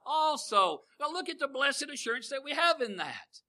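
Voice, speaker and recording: An older man preaching a folksy sermon, calling out to the congregation and swinging between booming lines and hushed ones. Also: sing-song, normal speed, rough recording.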